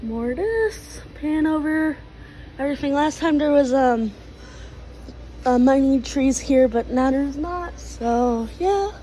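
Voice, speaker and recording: A woman's voice: high voice, lively intonation, takes it slowly, warm tone, poor audio. A woman vlogging a walk through a garden store on a handheld phone, chatty and gushing, with many fillers and restarts. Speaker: plant vlogger. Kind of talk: casual vlog walkthrough. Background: faint store noise.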